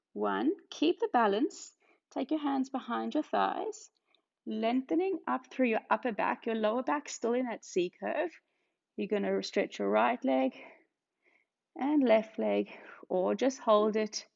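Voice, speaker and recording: A woman's voice: on the high side, gravelly, darkish tone. A woman from Australia leading a pilates ab workout, cueing each move and counting down while out of breath. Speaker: pilates instructor. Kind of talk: guided workout instruction. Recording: dull lo-fi sound.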